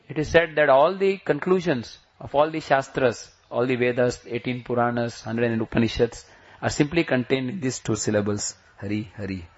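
A man preaching a sermon, retelling a devotional story and slowing down with a lifted voice when he quotes prayers. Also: medium pitch, a little hiss or hum. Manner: slows and rises when voicing prayers. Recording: dull lo-fi recording.

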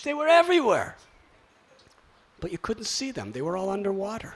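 A man speaking to a gathering, telling his story with exclamations and acted-out sounds. His high, bright voice rises and falls over a wide range. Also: normal speed, long pauses. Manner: animated, exclamatory, acting out sounds. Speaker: spiritual speaker.

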